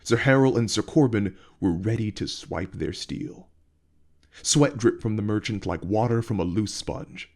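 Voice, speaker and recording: A man reading his own novel aloud in a measured, expressive storytelling manner. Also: lowish voice. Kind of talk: audiobook narration.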